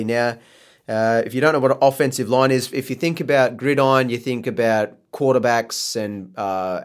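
Laid-back joking podcast host. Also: male voice, mid-range voice. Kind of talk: casual podcast chat.

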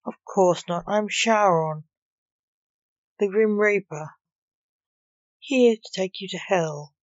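A woman voicing a gruff, impatient male Grim Reaper who snaps with exasperation, read as a storybook voice. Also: mid-range voice, steady tone, slow, darkish tone, no echo, lightly acted. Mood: irritated. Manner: snappish, exasperated. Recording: dull lo-fi recording.

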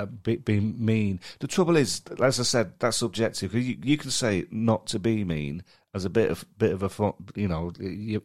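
A Mancunian podcast co-host from Manchester, England, chats casually in a fairly low, darkish voice. He rambles and laughs as he tells his stories.

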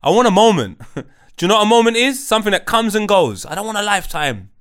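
A man co-hosting a casual podcast, mocking and swearing as he rants. His voice sits high and bright, leaping up and down with animated pitch. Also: fast talker, clean tone. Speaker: podcast co-host.

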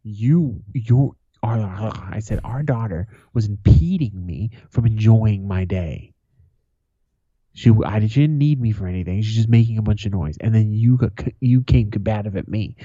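This thirty-something podcast co-host has a warm, husky voice on the low side and talks at normal speed. Laughing a lot, he spins profane stories amid casual banter, captured in a dry, dull lo-fi recording.

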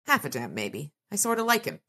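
A woman's voice: low-pitched, fairly quick, exaggerated voice. A woman reading a cool mercenary gunman. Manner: calm, dry and unbothered. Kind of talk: reading a novel aloud.

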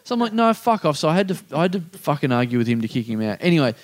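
A man's voice: mid-range voice, rapid-fire. A man telling a comedy gig story in casual chat, swearing freely and acting out the voices of the people in it. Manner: animated, swears a lot, acts out voices.

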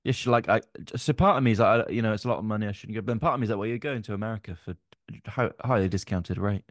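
A young man, co-hosting a casual podcast and telling stories with loud, sweary re-enacted quotes. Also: fairly low pitch, no room sound, clean studio sound. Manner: animated storytelling, swearing, quick shifts to loud re-enacted quotes. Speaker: podcast co-host. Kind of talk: casual banter.

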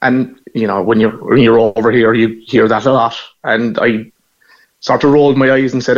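A man's voice: mid-range voice, steady tone, moderate pace, dull audio. A man in his forties from Ireland with a Cork accent, a guest telling anecdotes in a casual interview. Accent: Cork Irish. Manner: chatty, anecdotal, self-deprecating.

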